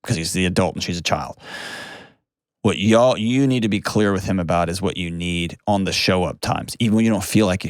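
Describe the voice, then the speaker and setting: A man's voice: low voice, fairly quick, no echo, clean studio sound. A middle-aged man, hosting an advice show and talking with a caller in a direct, blunt, plainspoken way, repeating key phrases. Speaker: host.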